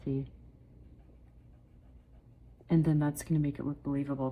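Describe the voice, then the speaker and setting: Woman, middle-aged, low voice, chatty, encouraging art teacher, step-by-step painting lesson. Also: little pitch movement, moderate pace, mellow, slightly rough. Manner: chatty and encouraging, addresses viewers as guys.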